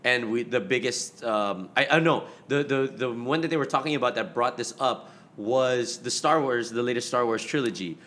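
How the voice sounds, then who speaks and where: A man in casual chat about movies, talking in a rambling, self-correcting, animated way. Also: medium pitch, normal speed.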